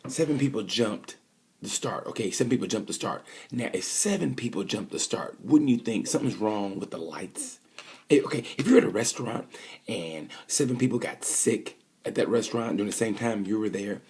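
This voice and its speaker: A man's voice: fairly low pitch, brisk, a little mellow, husky. A man talking casually and ramblingly about motorcycle races, acting out little quoted voices. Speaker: motorcycle racing fan commentator. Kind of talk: casual opinion vlog.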